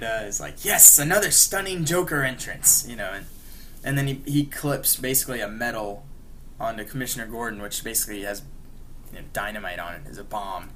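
A man's voice: fairly low pitch, fairly bright tone, slight background noise. A man co-hosting a podcast, casually retelling a story in a rambling way, full of "like" and "you know". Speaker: podcast co-host. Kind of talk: casual chat.

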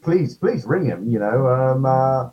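A man's voice: mid-range voice, expressive, a little slow, dull audio. A man, an actor guest, chatting casually in an interview, self-deprecating and full of ums.

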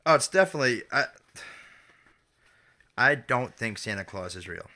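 A man co-hosting a podcast with dry, deadpan one-liners. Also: mid-range voice, moderate pace. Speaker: podcast co-host. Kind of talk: casual chat.

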